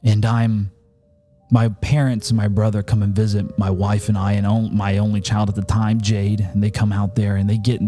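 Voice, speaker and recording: A man's voice: fairly low pitch, dark tone. A man hosting a podcast, telling a personal story and turning it into earnest, emphatic preaching. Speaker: podcast host.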